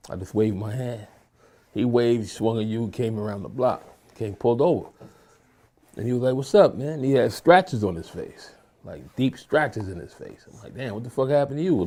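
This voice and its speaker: A man's voice: on the low side, husky. Casual man telling a personal story. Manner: casual storyteller, acts out quotes loudly. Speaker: interviewee.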